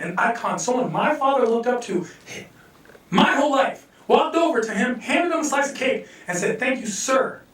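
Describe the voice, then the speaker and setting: Animated stand-up comedian in an echoey room. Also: male voice, very high-pitched. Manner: loose, animated storytelling, acts out quotes. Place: live comedy venue. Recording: echoey room, distant mic.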